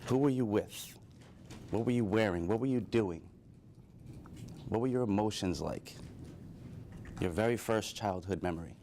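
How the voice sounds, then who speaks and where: A man with a fairly low voice talks to a crowd and tells his own story with earnest, open emotion. A faint hiss sits under his voice. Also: normal speed, long pauses, mellow. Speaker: speaker addressing an audience. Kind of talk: personal storytelling speech.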